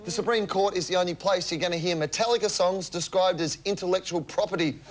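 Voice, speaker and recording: An Australian man hosting a comedy panel show, delivering wry jokes and news gags with a laugh in his voice. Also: high-pitched. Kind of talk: scripted comedy news with banter. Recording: studio audience laughter and noise.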